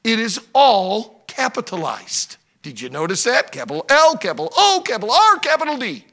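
Fervent high-voiced preacher man. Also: sing-song, normal speed, gravelly. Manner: fervent preaching, swinging between loud emphasis and hushed prayer. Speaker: pastor. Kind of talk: sermon with prayer. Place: church service.

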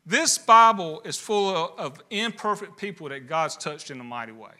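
A man's voice: fairly high pitch, animated, moderate pace, bright, forceful tone. A man preaching a sermon, building emphasis with rhetorical questions. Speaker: pastor.

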